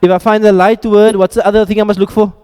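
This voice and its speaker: A male teacher leads a classroom lecture with a high, mellow voice. He quizzes the students and drops playful jokes between drills. A long reverb hangs on every word. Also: level tone, fast talker, smooth. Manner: quizzing students, joking asides. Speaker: Arabic grammar teacher.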